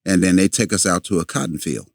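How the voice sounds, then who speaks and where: An older man, a podcast guest, telling a long story in a halting way with many fillers and restarts. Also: low voice, creaky, no room sound, clean studio sound.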